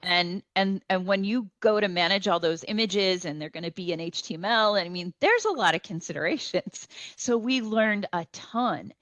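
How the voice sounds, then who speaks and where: A woman's voice: medium pitch, moderate pace, hardly any pauses, fairly bright tone, no echo. A woman speaking on a panel over a video call from home, hesitant with many ums and restarts. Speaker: panelist on a remote link. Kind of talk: panel discussion.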